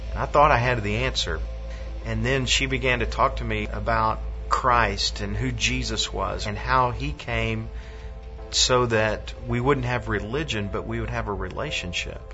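A man giving a reflective personal faith testimony and pausing often with hesitant fillers. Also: fairly low pitch, steady tone, pushed and bright. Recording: lo-fi with background music.

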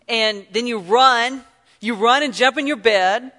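A man preaching an earnest sermon, telling stories and swinging from loud emphasis to near-whisper. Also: very high voice, slow, big-room sound. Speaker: pastor.

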